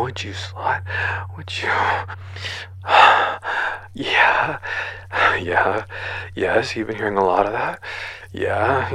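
Man, whispered role-play, low-set and tense, dominant and taunting, breathy close-mic delivery. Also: sharp tone. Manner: domineering, taunting, frequent heavy sighs. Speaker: audio role-play performer.

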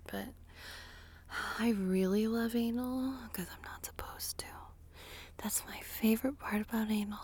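A woman in a whispered intimate monologue, breathy and sighing, speaking slowly and lingering, recorded in a small closet. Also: on the high side. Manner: breathy, sighing, slow and lingering, with soft laughs. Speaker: adult audio creator.

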